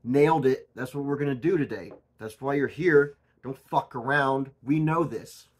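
A man hosting his own channel in a goofy, erratic comedic monologue, swinging from loud outbursts to mumbled asides. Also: mid-range voice, normal speed, breathy edge. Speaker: channel host.

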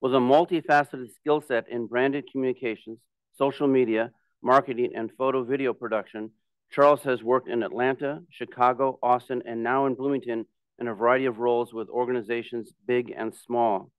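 A man reading new members' bios aloud at a club meeting in a plain, steady way, with brief friendly asides. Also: medium pitch, brisk, clear, resonant tone, dry recording. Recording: tinny phone-like sound.

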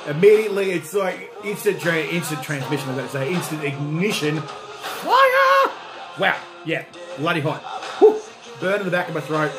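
A man's voice: fairly high pitch, a little fast, over music. Rowdy Australian man reviewing hot sauce. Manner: loud, jokey, whoops and shouts. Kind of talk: energetic livestream review.

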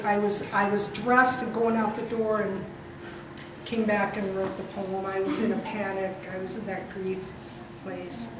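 A woman poet giving a reading in a gallery wine bar, reciting slowly and chatting loosely between poems. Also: mid-range voice. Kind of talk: poetry reading with chatty asides. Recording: echoey room from far off with noise.

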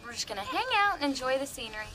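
A sarcastic young woman who delivers dry wisecracks in a high voice. Her lines sit over a noisy sitcom soundtrack. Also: big pitch swings, rapid-fire. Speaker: sarcastic roommate. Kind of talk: sitcom acting.

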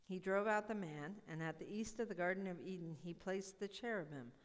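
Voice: mid-range voice, a little fast. Solemn scripture reader in a reverberant church. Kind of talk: formal scripture reading. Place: church sanctuary.

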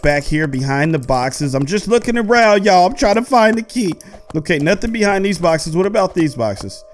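Guy with a high voice playing a horror game, jumpy, talks to the viewers, faint music behind. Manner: jumpy, talks to viewers, yelps and shouts when chased. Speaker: gaming host. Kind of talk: excited gameplay commentary.

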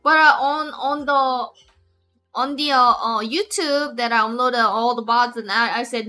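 Lady streaming, high voice, rambles n giggles, keeps restarting. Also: fairly even intonation, a little slow, bright, forceful tone, faint music behind. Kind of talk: casual live-stream chat.

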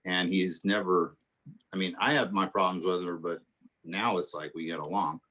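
Man, math instructor, very low voice, rambling storyteller, muffled lo-fi audio. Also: steady tone, normal speed, pushed and bright. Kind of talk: casual classroom talk and lecture.

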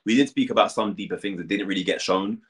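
A man's voice: fairly low pitch, quick pace, a bit bright. A young British man talking candidly as an interview guest, with many fillers and restarts. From United Kingdom. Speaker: reality show contestant, guest. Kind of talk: casual interview chat.

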